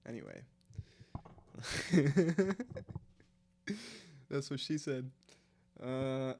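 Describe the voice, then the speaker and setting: A tired young man from India chats loosely with his stream audience, reacting to the chat as he goes. His talk is full of slang and swearing, and he laughs often. His pitch sits in an ordinary middle range. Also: normal speed. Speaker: live streamer. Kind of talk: casual chat with viewers while reading the chat.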